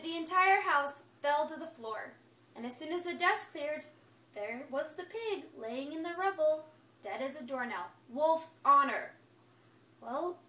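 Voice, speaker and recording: A woman's voice: high voice, a bit bright. A woman telling a fairy tale in the first person as a wolf who insists he is innocent, in a chatty, playful way. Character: friendly, self-justifying male wolf. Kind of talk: first-person storybook read-aloud. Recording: echoey room, far from mic, faint hiss.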